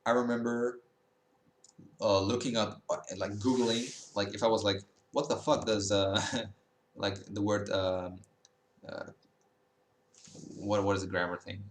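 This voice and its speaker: A man's voice: lowish voice, little pitch movement, a little slow, long pauses, reverberant, slight background noise. A young man giving blunt, rambling advice on learning a language in a casual vlog, full of fillers and restarts, swearing and laughing at times.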